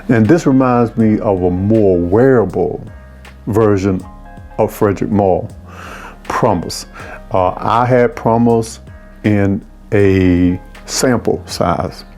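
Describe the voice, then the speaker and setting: Slow effusive guy gushing over perfumes, kinda low voice, soft music under it. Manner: effusive, savoring, exclamatory. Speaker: fragrance reviewer. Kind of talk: casual product review.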